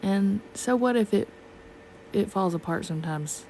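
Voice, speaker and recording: A woman's voice: mid-range voice, measured pace, a little mellow, a little hiss or hum. A woman narrating her painting in a chatty, scattered late-night voiceover, talking to herself and slipping in and out of a country twang. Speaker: art vlogger. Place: at home at night.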